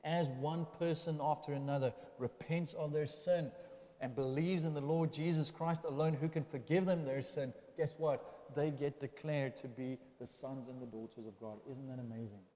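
A man's voice: medium pitch, steady tone, moderate pace, dark tone. A man preaching a sermon, asking rhetorical questions and building to emphatic declarations. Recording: echoey hall.

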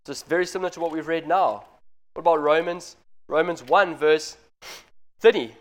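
A man's voice: fairly high pitch, moderate pace. A man preaching a sermon in an earnest, direct way, speaking straight to the parents in front of him.

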